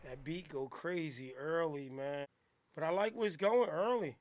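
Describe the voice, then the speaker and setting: A man hosting a radio show, bantering loudly in slang and laughing with his guests. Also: on the high side, normal speed, heavy background noise. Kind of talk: casual radio show chat.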